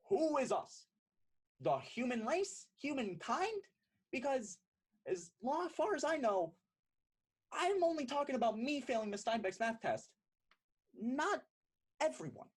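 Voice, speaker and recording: Husky, animated man doing stand-up. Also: high-pitched. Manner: animated, mock-exasperated, acts out dialogue. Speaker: stand-up comedian. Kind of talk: stand-up comedy set over a video call. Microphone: video call.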